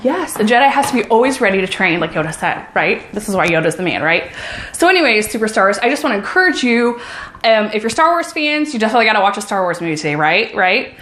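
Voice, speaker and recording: An upbeat woman vlogger talks to her viewers in a cheerful, encouraging way, at a medium pitch for a woman. Her voice rings out in a roomy space. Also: sing-song, quick pace, a bit bright, slight background noise. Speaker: vlogger, runner and mom. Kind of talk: casual motivational vlog.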